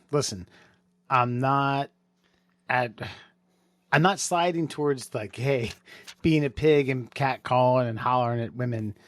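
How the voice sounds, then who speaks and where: A man co-hosting a comedy podcast, rambling through stories with many restarts, dark jokes and some swearing. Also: medium pitch, dry recording. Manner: rambling, restarts a lot, dark humor, profane. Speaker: podcast co-host. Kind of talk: casual comedic chat.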